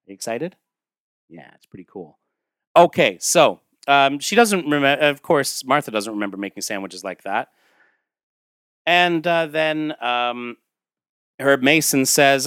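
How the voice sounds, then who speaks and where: A man's voice: medium pitch, lively intonation, unhurried, pauses often, fairly bright tone, clean tone, no echo, clean studio sound. Chatty man retelling a comic story. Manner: rambling, chatty, with fillers and asides. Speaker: storyteller reading a comic aloud. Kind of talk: casual storytelling to a child.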